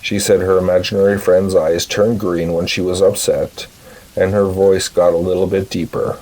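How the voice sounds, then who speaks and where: A deep-voiced man reads short scary stories aloud in a slow, measured way. His voice has a husky, slightly rough edge to it. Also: level tone, a little mellow, poor audio. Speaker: horror story narrator. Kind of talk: scripted horror narration.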